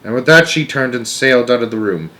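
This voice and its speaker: A man reading a children's book aloud in a measured, steady storytelling voice. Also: medium pitch, slight background noise.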